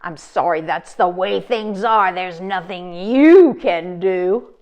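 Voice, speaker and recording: A woman reading the part of a gloomy businessman in a storybook, speaking loudly and scornfully. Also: lowish voice, takes it slowly, muffled recording, pitched below the performer's own voice. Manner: loud, scornful, lecturing. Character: grumpy gloomy businessman with briefcase.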